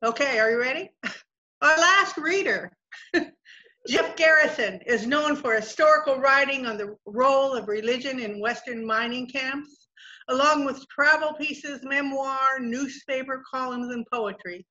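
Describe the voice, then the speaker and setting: A woman hosting a reading event, briskly introducing the last reader. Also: high voice, sharp tone, lo-fi sound.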